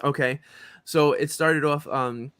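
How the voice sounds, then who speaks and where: A man's voice: mid-range voice, fairly quick, no room sound. A man in his forties, a voice actor and professor, telling stories as a podcast guest with lots of ums and likes. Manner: animated storyteller, many fillers like um and like. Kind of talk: casual interview chat.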